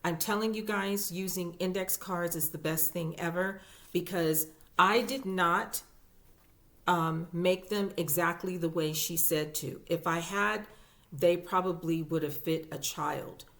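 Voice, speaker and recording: Slow, chatty woman crochet vlogger. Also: on the low side, fairly even intonation, fairly bright tone. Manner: chatty and gushing, with fillers and repeats. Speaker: crochet YouTuber. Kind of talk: casual show-and-tell vlog.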